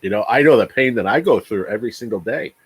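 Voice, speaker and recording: Livestream host, a man in his forties, low husky voice, swearing and ranting with heavy emphasis. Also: expressive, quick pace, no echo, poor audio. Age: 40s. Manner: repeats words. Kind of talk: casual livestream chat.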